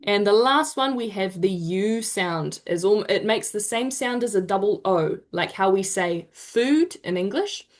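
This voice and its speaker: A te reo Māori workshop presenter teaches pronunciation in an online session, heard through a video call. Speaking in an animated mid-range voice, she encourages the group and stretches out each demonstration sound.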